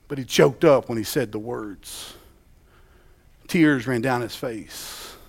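Pastor, male, gravelly voice, dynamic sermon delivery from loud to hushed. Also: mid-range voice. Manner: dynamic preaching, swinging from loud emphasis to hushed quiet.

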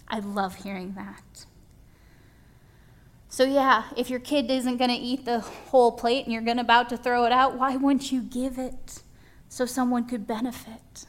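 A woman preaching a conversational sermon, folksy and animated, acting out little dialogues as she talks. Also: a little high, normal speed.

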